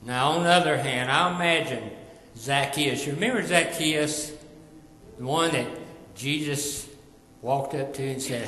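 Male preacher, sermon, slow and emphatic, bright ringing voice, long church reverb. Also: mid-range voice. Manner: emphatic, repeats phrases, drops quiet at line ends.

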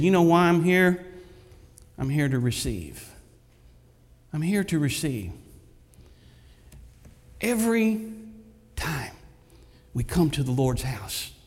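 A man, preaching a sermon and telling stories with lots of repetition for emphasis. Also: fairly high pitch. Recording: echoey hall.

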